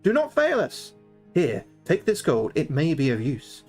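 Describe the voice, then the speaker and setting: A man's voice: on the high side, wildly swooping pitch, a little slow, a little mellow, faint music behind, full character voice. A man reading as an urgent wizard.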